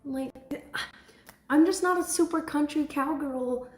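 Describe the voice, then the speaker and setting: Young woman in her twenties hosting a chatty stream, unhurried delivery, slightly high voice, echoey room. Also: soft background music. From Texas. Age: 20s. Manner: chatty, laughs often, breaks into excited shouts. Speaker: livestream host. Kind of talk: casual livestream chat.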